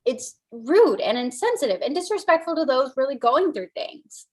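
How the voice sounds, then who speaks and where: A woman with a fairly high voice tells animated stories on a casual live stream. She laughs often and speaks with open feeling. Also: normal speed. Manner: animated storyteller, laughs a lot. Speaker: co-host.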